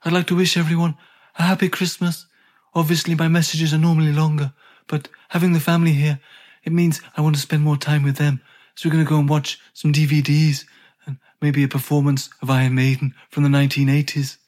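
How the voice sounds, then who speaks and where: A man's voice: a little high, little pitch movement, fairly quick, darkish tone, pitched above the performer's own voice, close to an everyday voice. A man voicing a plain-spoken retired male rock guitarist, leaving a rambling message with dry grumbles. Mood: chatty. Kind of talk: comic recorded message.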